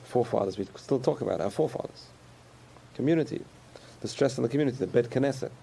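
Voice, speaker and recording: A man's voice: mid-range voice, lively intonation, fast, creaky, dark tone, slight background noise. A man giving a conversational sermon about faith, repeating phrases and chuckling often.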